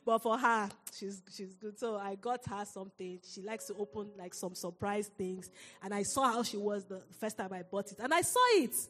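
A woman preaching a sermon, telling a personal story in an animated way and laughing often. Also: mid-range voice, normal speed, big-room sound.

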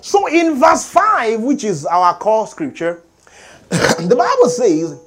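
A middle-aged man preaching a sermon as pastor, animated and calling for amens from the congregation. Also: high-pitched, slow. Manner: animated preaching with call-and-response.

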